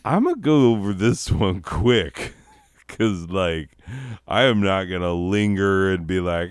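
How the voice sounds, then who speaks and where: A man's voice: sits low, lively intonation, takes it slowly, no room sound, studio quality. A man delivering a crude, rambling comedy monologue, laughing at his own jokes and slipping into silly voices. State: recovering from nausea. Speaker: comedy podcaster.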